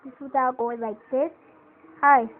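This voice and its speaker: A woman's voice: high-pitched, fairly even intonation, unhurried. A woman talking casually and playfully, poking fun at herself while showing a homemade puppet. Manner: playful, self-mocking. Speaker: puppet maker. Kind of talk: casual homemade craft video. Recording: tinny phone-like audio, faint noise.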